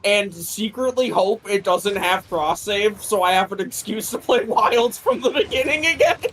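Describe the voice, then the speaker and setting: A man's voice: high voice, moderate pace, fairly bright tone, a little hiss or hum, low-quality recording. A man around thirty chatting casually while playing a game with a friend, rambling, swearing offhand and restarting his sentences. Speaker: streamer playing co-op. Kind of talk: casual gameplay chat.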